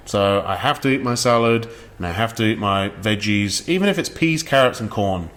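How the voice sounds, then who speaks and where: Man, podcast co-host, coach, blunt, swears freely, lowish voice. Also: animated, normal speed, a bit bright. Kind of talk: casual chat.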